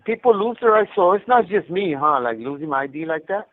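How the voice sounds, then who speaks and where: A man on a prison phone line tells rambling stories with plenty of cursing. His voice sits fairly high and swings widely in pitch. The line is thin and tinny, like an old phone. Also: fast. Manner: animated storyteller, heavy swearing. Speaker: incarcerated caller. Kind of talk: casual phone chat.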